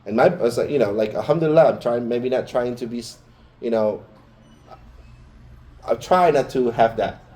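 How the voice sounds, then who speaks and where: A man's voice: medium pitch, moderate pace, pauses often, mellow. A man giving a Friday sermon in a mosque, talking informally and chattily, with personal asides to the congregation. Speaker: Friday preacher.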